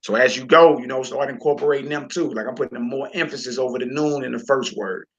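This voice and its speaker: A man's voice: mid-range voice, fairly even intonation, quick pace, highs cut off. A man teaching a reading lesson, patient and encouraging, repeating words and checking in with the learner often.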